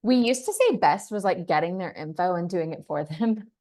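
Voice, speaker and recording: A woman's voice: on the low side, animated, moderate pace, darkish tone. A woman from Texas leading a team training, talking in an upbeat, chatty way and acting out sample scripts. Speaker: team leader. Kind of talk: training talk.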